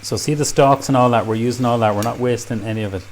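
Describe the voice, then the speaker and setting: A man's voice: medium pitch, fairly even intonation, fast, a little hiss or hum. An Irish man demonstrating a recipe in a kitchen, chatty and enthusiastic, full of praise for the food. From Ireland. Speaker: cook. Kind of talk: cooking demonstration.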